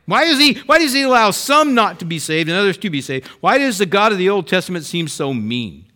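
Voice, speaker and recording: A male pastor preaching with a bright, ringing voice. His pitch sits a little high and swings widely, rising sharply when he acts out pleading prayers and dropping low and soft at the end of phrases. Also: sing-song, brisk. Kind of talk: sermon.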